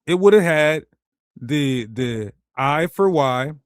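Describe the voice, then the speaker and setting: A man's voice: on the high side, expressive, slow, clear, resonant tone, no echo, studio quality. A man teaching a ministry presentation in an emphatic, rhetorical way, talking straight to his viewers.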